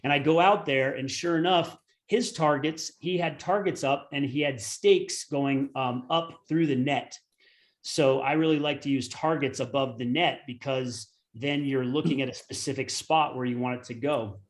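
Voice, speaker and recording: A man's voice: medium pitch, moderate pace. Brief: forties male coach, earnest rambling storyteller, webinar. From United States. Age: 40s. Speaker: tennis coach and former pro.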